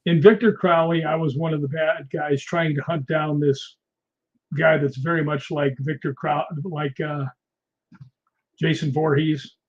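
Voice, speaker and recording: Lively man telling stories, dull lo-fi sound. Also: on the high side, unhurried. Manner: animated storyteller, laughs often. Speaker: guest, film actor. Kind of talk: casual interview anecdotes.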